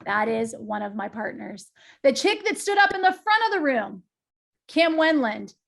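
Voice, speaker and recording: A high-pitched middle-aged woman speaks as a guest at a meetup. She tells her story with emphatic, lively energy and keeps turning to address her listeners directly. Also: moderate pace, creaky.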